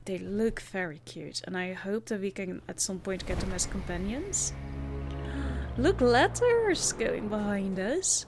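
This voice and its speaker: A woman playing a video game and chatting softly and playfully as she goes. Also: medium pitch, lively intonation, slow, over music. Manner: soft-spoken, chatty and playful. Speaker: gaming channel host. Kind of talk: casual game commentary.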